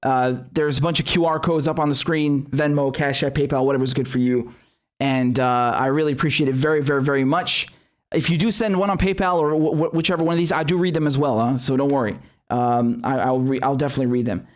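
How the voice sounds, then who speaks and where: A man's voice: medium pitch, fairly even intonation, fast. A man hosting a live stream, commenting bluntly with heavy swearing and many restarts, then reading viewer chats. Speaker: show host.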